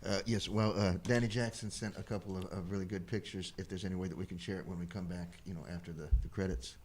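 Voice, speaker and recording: A man on a comedy show's crew chiming in politely and softly, answering the host with "yes, sir.". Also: deep voice, fairly even intonation, quick pace, breathy edge. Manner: polite and soft-spoken, says "yes, sir". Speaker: crew member on the show. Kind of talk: casual chat.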